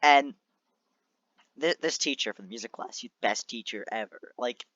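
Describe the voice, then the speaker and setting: A young man co-hosting a casual podcast, animated and laughing often as he tells stories. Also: mid-range voice, moderate pace, no room sound. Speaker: podcast co-host. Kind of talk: casual chat. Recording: dull, muffled mic.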